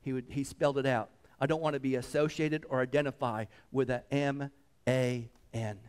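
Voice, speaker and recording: A man preaching a sermon as pastor, swinging between loud fervent passages and hushed reverent ones, repeating phrases and calling out "come on.". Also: mid-range voice, fairly even intonation, quick pace, clean tone.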